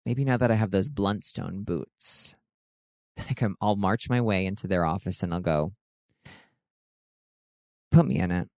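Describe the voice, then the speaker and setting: A man's voice: deep voice, normal speed, a little mellow, dry recording, clean studio sound. Chatty man gushing in a casual vlog. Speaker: vlog host.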